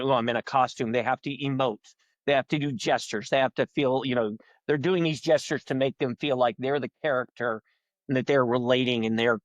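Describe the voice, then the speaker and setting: A man's voice: medium pitch, dry recording. Rambling man, dull dry audio. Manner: rambling, animated storyteller who acts out quoted people in a raised voice. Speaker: guest comedian and balloon artist. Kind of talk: casual podcast interview.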